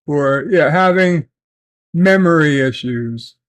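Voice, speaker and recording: Slow, halting man telling a story. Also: fairly high pitch. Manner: slow, halting, many fillers and restarts. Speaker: vlogger. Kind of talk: casual storytelling. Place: at home, in bed.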